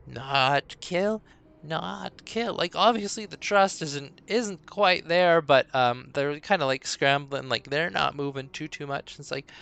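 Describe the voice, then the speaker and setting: A man's voice: mid-range voice, a bit bright, clear, resonant tone. A man narrating a tabletop game as game master on a live stream, rambling, with many fillers and restarts.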